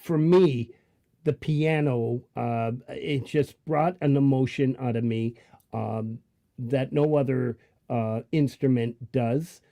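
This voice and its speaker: Slow-talking Canadian Italian man host. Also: mid-range voice, gravelly, warm tone. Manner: joking, talks with many ums and pauses. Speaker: livestream show host. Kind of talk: casual live-stream chat.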